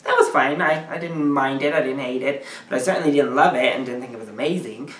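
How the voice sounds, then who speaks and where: A man's voice: medium pitch, fast, a bit bright. A man who is a guest film reviewer, giving his views in a casual, emphatic way and laughing often. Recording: roomy, distant from the mic.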